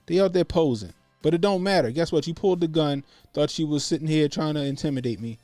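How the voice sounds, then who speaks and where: Casual streamer, man, animated and profane, dry close mic. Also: on the high side, quick pace, no room sound, soft background music. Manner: animated, profane, acts out quotes. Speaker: host. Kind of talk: casual livestream commentary.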